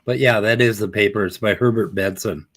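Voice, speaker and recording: Low voice guy hosting a stream, blunt, cusses a lot. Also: fairly quick, fairly bright tone, no echo. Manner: blunt, swears freely. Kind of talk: casual chat.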